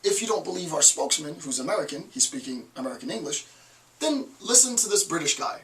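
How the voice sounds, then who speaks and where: A middle-aged man lecturing in a fairly high, bright voice, wandering into jokey tangents. He sits some distance from the mic. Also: lively intonation, fast. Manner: digressive, joking asides. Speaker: college lecturer. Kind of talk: recorded online lecture.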